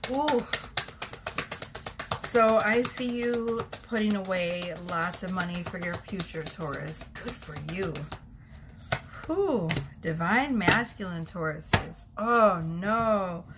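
At home giving a tarot reading, a young woman talks slowly in a mid-range voice, chatty and giggly, often breaking off her own sentences. There's a lot of noise in the recording.

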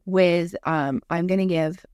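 Lowish-voiced woman chatting casually. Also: steady tone, unhurried, a little mellow, clean tone, dry recording, studio quality. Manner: chatty, fillers like "like", acts out quotes. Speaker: podcast co-host. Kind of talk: casual chat.

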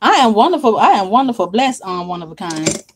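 A woman's voice: medium pitch, very animated, fairly quick, a little hiss or hum. A woman hosting a casual livestream from her makeup desk at home, chatty and drawling as she greets viewers by name.

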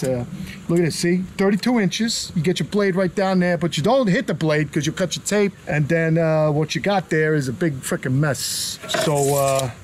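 Long island guy cracking jokes while he builds outside, kinda high voice, loud noise all around. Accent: Long Island New York. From Long Island, New York. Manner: brash, joking, street-talking. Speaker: reptile channel host. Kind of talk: casual building vlog. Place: backyard, outdoors.

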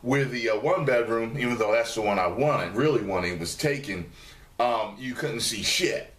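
In a roomy-sounding recording with crowd noise, a man talks to camera in a casual vlog from his studio apartment's dining room. His mid-range voice moves at a moderate pace, animated and profane, as he mimics commenters loudly.

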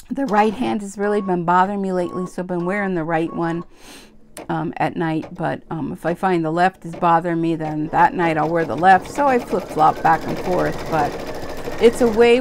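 Working in her home sewing room while a sewing machine runs, a yawning, worn-out embroidery vlogger chats on with plenty of fillers and self-deprecating rambles. Her voice is lowish and creaky, with background noise around it.

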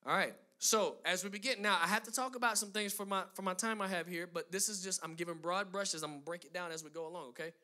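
High, bright-voiced emphatic preacher man. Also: fast talker, few pauses. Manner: emphatic preaching with rising, driving lists; conversational asides to the congregation. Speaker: pastor. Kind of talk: sermon.

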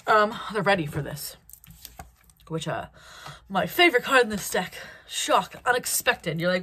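A woman giving a solo tarot card reading, talking in an animated way with restarts and acted-out reactions. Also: mid-range voice, a little slow, a little hiss or hum. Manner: animated, acts out quoted reactions, hesitant restarts. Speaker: tarot reader.

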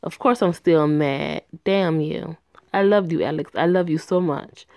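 A woman's voice: deep voice, a little slow, creaky, a little mellow, dry recording. A woman reading the part of a cruel, vengeful young woman who taunts her ex-lover in a mocking, sneering way.

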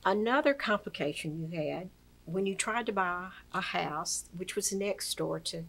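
A woman's voice: lowish voice, animated, a little slow, creaky, fairly bright tone, poor audio. A woman interviewing a guest, asking questions and giving short encouraging replies. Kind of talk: interview questions and brief responses.

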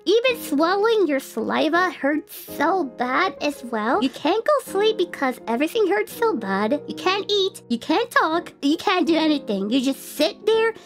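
Woman, streamer, very high voice, lively pitch, getting over an illness, faint music behind. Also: measured pace, few pauses. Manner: animated, laughing storytelling with mock shouting. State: recovering from sore throat illness. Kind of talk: casual stream chat.

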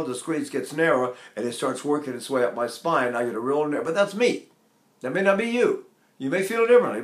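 An older male voice teacher with a slightly high speaking voice explains breath and posture. He keeps asking rhetorical questions and breaks into short sung vowels to demonstrate. The room has a noticeable echo. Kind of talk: vocal technique lesson.

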